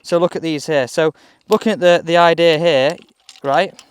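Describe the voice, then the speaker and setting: A man chatting excitedly as he reviews golf clubs outdoors on a course. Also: a little high, normal speed, smooth. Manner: chatty, excitable, thinking aloud. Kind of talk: casual on-course commentary.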